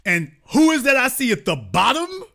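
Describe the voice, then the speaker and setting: High, bright-voiced man mocking sarcastically. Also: wildly swooping pitch, normal speed, gravelly. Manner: mocking, theatrical, rhetorical questions. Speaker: online show host. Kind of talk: sarcastic political commentary.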